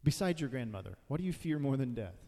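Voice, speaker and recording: A man's voice: mid-range voice, very animated, quick pace, mellow. A man preaching a sermon in a conversational way, now and then acting out quoted voices. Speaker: pastor. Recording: long hall reverb.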